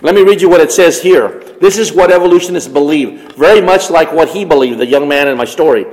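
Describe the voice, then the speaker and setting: A man's voice: on the high side, fairly quick, a little mellow. A man giving an emphatic religious teaching talk on biology, with rising stresses as he tells a story. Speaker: Christian teacher lecturing on biology. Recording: long hall reverb.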